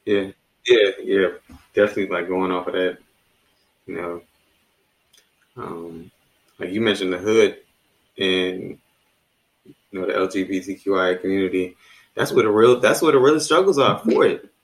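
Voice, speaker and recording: Low-voiced, relaxed man from D.C. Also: normal speed, pauses often, poor audio. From Washington, D.C. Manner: relaxed, reflective, many "you know" fillers. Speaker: podcast co-host. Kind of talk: casual conversation.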